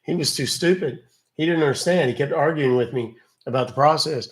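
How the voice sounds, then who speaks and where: A West Virginia man hosts a scam-baiting livestream, joking casually and chatting with his viewers. His voice is a little high and fairly quick.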